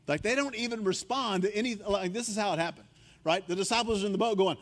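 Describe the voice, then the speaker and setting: A man preaching a sermon as a guest speaker, telling the story with animation, acting out panicked voices in a higher tone and dropping low and quiet for key points. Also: lively intonation, fast talker, big-room sound.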